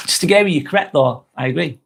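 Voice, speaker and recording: Man, from britain, live vlog host, casual rambling chat, swears a lot, slightly high pitch. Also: expressive, fairly quick, creaky, a bit bright. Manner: rambling, swears freely, goes off on tangents. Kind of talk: casual live-stream chat reading comments.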